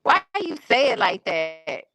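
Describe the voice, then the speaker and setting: A woman's voice: fairly high pitch, sing-song, moderate pace, a bit bright, poor audio. A woman hosting a live stream, chatting casually in a candid, opinionated way with slangy everyday talk. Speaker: stream host. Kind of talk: casual chat. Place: home streaming setup.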